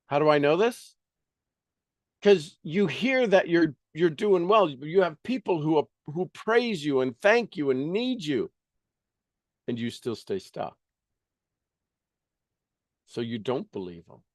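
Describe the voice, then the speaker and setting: A man's voice: mid-range voice, a little mellow, dry recording, studio quality. A man reading a self-help book aloud and breaking off into emphatic, preachy asides and questions to his listeners. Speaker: motivational book reader and coach.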